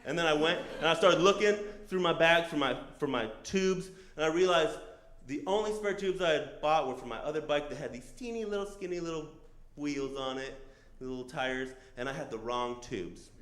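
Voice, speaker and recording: Animated, profane male storyteller on stage. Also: on the high side, normal speed, echoey room. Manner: animated, casual, profane, acts out other people's lines. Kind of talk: live storytelling. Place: comedy stage before a live audience.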